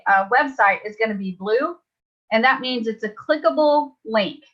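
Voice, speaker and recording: A woman's voice: fairly high pitch, pushed and bright, dull audio. A woman leading a live online webinar tutorial, chatty and upbeat, laughing easily. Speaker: webinar trainer.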